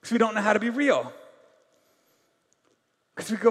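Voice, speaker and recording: A man preaching with a high, bright voice, talking loosely and conversationally, with many fillers. His energy swings between loud bursts and quiet asides. The sound rings with the long reverb of a large hall. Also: very animated, normal speed, pauses often, husky. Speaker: pastor. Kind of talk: sermon.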